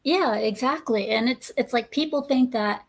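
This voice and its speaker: A woman's voice: fairly high pitch, normal speed. A woman hosting a podcast in casual chat, ranting bluntly with swearing and many fillers. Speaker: podcast host.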